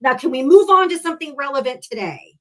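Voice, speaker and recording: A woman's voice: high voice, expressive, quick pace, a bit bright, poor audio. Blunt, profane woman hosting a debate stream. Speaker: debate livestream host. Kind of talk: live political debate stream.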